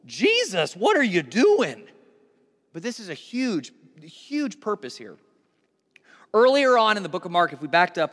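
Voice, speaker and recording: A male pastor giving a sermon in lively storytelling style, speaking straight to his listeners. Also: high-pitched. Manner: animated storytelling, addresses listeners directly. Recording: long hall reverb.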